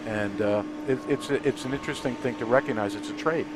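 Man interviewing with a relaxed manner. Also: medium pitch, quick pace. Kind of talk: conversational interview. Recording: faint air-conditioning hum.

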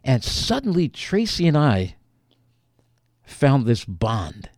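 A man telling a personal story as an author being interviewed, animated and acting out the lines he quotes. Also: mid-range voice, slow, no room sound, clean studio sound.

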